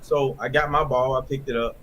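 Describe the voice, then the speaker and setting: A man with a mid-range voice tells a story in an unhurried, halting way, with many fillers. A faint ambient hiss sits behind him. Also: medium pitch, fairly even intonation, fairly bright tone. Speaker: guest. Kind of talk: casual storytelling.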